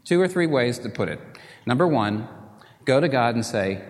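A man preaches with dramatic force, his voice swinging widely in pitch. He pushes up into loud, urgent questions, then sinks to hushed near-whispers. The sound carries a long reverb, like a large hall. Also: lively intonation, moderate pace. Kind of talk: sermon.

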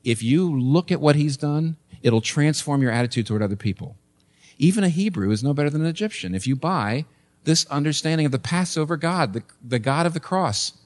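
A man's voice: fairly high pitch, lively intonation, a little fast, darkish tone. A man preaching a sermon as pastor, emphatic, repeating phrases and asking rhetorical questions. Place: church.

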